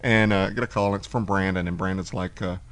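A man's voice: low-pitched, quick pace. A man hosting a casual chat, telling a long story and acting out what people said. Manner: animated storyteller, acts out quoted voices. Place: cigar shop.

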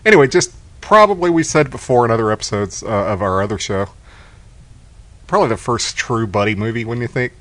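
A man's voice: medium pitch, expressive, fairly quick, fairly bright tone, no room sound. A man with a Texan accent co-hosting a podcast, telling stories and cracking jokes in casual chat. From Texas. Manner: joking, storytelling. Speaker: podcast co-host.

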